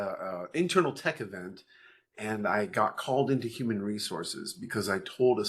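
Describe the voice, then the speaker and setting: Man telling family stories in an interview. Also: mid-range voice. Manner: animated storyteller, acts out dialogue. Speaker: guest parent. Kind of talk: conversational interview storytelling.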